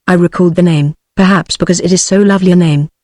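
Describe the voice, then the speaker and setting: A text-to-speech British woman's voice reading the lines of a bold young male European adventurer in a storybook, with even, synthetic delivery. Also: fairly low pitch, fast, dry recording, clean studio sound, close to an everyday voice. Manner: evenly read synthetic delivery.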